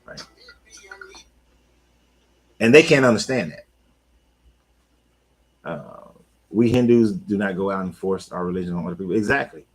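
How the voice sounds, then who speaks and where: A man talking casually on his own, an animated coach who repeats himself and talks back to the listener. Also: sits low, normal speed, long pauses, rough recording. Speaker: life coach. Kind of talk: casual monologue.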